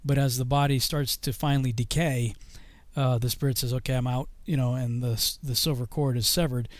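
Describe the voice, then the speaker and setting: A man's voice: medium pitch, brisk, no echo. A man in casual conversation about scripture, telling stories animatedly and acting out quotes. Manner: animated storyteller, acts out quotes. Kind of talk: casual religious discussion.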